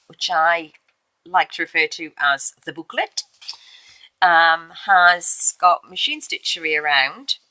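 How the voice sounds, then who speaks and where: A woman's voice: on the low side, pushed and bright, dry recording, rough recording. A woman casually showing a handmade journal she made, talking in a chatty way with fillers and little self-corrections. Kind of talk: casual show-and-tell video.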